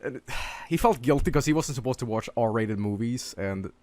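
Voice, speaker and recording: A young man casually telling stories on a stream, halting and swearing, breaking into laughter. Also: medium pitch, lively intonation, a little mellow, no echo. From Sweden.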